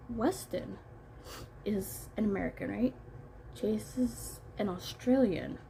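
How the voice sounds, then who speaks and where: A woman reviewing a book in a relaxed, rambling vlog. Her voice is gravelly and mellow, and she takes her time, with a faint hiss of room noise behind her. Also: mid-range voice, slow pace, poor audio. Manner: chatty, rambling, self-deprecating.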